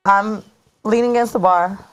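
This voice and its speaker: A woman in her thirties telling a story in casual chat as a podcast co-host, animated and slangy, recorded in a studio. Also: mid-range voice, moderate pace, smooth. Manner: animated, slangy, dramatic retelling.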